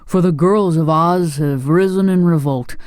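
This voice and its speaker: A reader voicing a gentle, rueful male scarecrow king, speaking dolefully. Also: mid-range voice, unhurried, smooth, no room sound, studio quality, natural voice.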